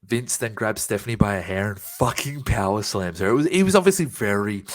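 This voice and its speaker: A man's voice: lowish voice, lively intonation, a little fast. A man co-hosting a podcast, giving a profane, laughing play-by-play recap in casual chat. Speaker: podcast co-host.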